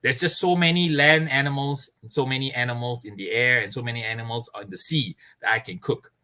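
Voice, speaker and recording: An earnest man with a bright, forceful voice talks expansively as an interview guest. He sits at a middle pitch and breaks into laughter now and then. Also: brisk. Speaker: barbecue pitmaster guest. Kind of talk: casual interview chat.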